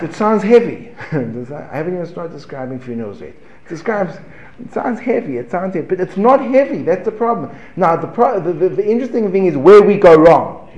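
A man giving a lively Torah class, asking rhetorical questions, breaking off mid-phrase and chuckling as he teaches. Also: a little high, dull audio. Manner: animated, rhetorical questions, self-interrupting and chuckling. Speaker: religious teacher. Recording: echoey room.

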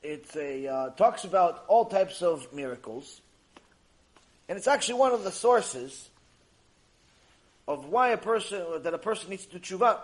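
A man giving a mussar lesson on Jewish ethics, animated and acting out little dialogues, reading Hebrew passages quickly. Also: high-pitched. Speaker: Torah teacher. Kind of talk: mussar lecture.

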